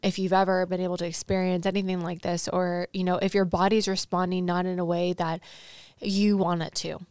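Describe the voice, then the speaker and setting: A woman's voice: on the low side, little pitch movement, brisk, darkish tone, smooth, dry recording. A woman hosting her own podcast, telling a personal story in an earnest, emotional way, full of fillers and repeated words. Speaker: podcast host and sales coach.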